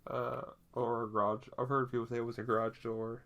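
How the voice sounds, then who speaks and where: A man in casual conversation, with a voice of ordinary pitch. He rambles, stacks up fillers, and keeps restarting his sentences. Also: level tone, a little fast, fairly bright tone, lo-fi sound. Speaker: podcast co-host. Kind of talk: casual chat.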